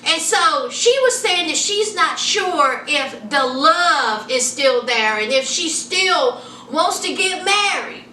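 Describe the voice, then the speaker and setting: Sassy high-voiced woman recapping a show. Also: takes it slowly, few pauses, recorded from a distance. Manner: animated gossiping, sassy asides to viewers. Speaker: TV show reviewer. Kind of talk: casual chatty recap. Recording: echoey room, a bit off-mic, faint hiss.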